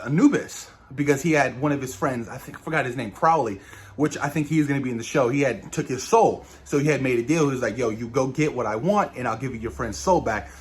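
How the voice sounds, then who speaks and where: Excited man reviewing an episode. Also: mid-range voice. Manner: enthusiastic, keeps saying "you guys", swears casually. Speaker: show reviewer. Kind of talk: casual spoiler review.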